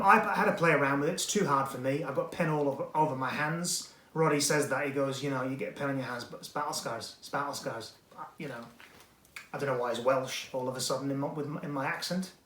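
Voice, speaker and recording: A man's voice: a little high, fairly bright tone. A man hosting a weekly magic product review in a rambling, digressive, self-deprecating manner. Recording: echoey room.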